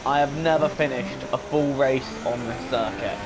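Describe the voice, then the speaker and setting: A man's voice: medium pitch, moderate pace, music in the background. A man hosting his own gaming video, with casual commentary full of crude jokes and banter. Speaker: gaming channel host.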